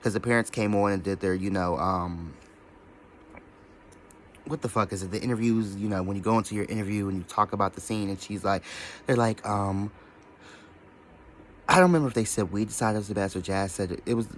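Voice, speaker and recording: A man's voice: on the low side, brisk, long pauses, slight background noise. A man giving a scattered, profane, rambling commentary in a casual vlog. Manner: scattered, profane, mimics others in quoted voices. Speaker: social media commentator.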